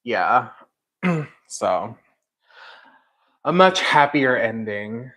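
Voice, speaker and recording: Slow, rambling male livestream host. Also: medium pitch, big pitch swings, fairly bright tone. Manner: rambling recap full of "like" and "um", speaking directly to a viewer in chat. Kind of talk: casual livestream chat.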